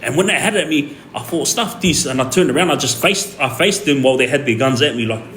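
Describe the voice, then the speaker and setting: An older man telling a story casually on a livestream, acting out the shouting of the people in it with lively jumps in his voice. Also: mid-range voice, fast. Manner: animated retelling, acts out the police shouting. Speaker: streamer. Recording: echoey room with faint ambient noise.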